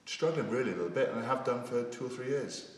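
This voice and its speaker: A man hosting a casual rugby chat, telling stories in a relaxed, halting way. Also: mid-range voice. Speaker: podcast host. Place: rugby clubhouse. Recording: roomy clubhouse echo, off-mic, faint noise.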